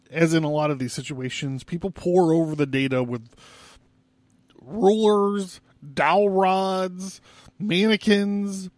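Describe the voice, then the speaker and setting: A man's voice: fairly high pitch, darkish tone, no room sound. A young man hosting a casual history podcast, rambling loosely with lots of fillers and asides. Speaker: podcast host.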